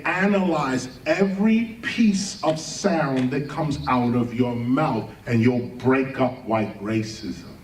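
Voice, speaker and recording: A man's voice: mid-range voice, slow, hardly any pauses, recorded from a distance, a little hiss or hum. A man giving an impassioned spoken lecture on a live stream, firing rhetorical questions, spelling words out letter by letter and often laughing as he talks. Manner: animated, often breaks into laughter mid-sentence. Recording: echoey room, voice set back from the mic.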